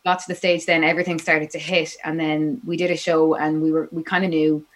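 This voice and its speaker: Irish woman, interview guest, low and chatty, rambles through a story. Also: flat delivery, brisk. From Ireland. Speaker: guest musician. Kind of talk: casual interview chat.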